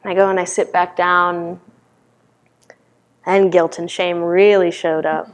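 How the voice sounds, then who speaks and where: A woman's voice: fairly low pitch, little pitch movement, a little slow, pauses often. A woman giving a dharma talk as a meditation teacher, telling stories in a candid, conversational way.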